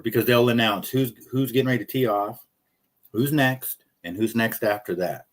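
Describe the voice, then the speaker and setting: A man's voice: mid-range voice, normal speed. A man rambling through casual live-stream commentary, jokey and profane, telling stories.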